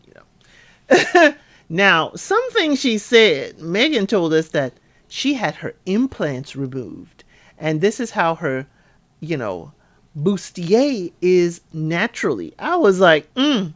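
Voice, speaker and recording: A woman's voice: medium pitch, fairly bright tone. Lady doing a show recap, sassy and chatty, talks right at you. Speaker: podcast host reviewing a reality show. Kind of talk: casual recap commentary.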